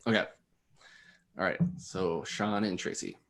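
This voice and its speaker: A man's voice: sits low, steady tone, unhurried, a bit bright. A man hosting a casual online game show in a laid-back way, chuckling between explanations.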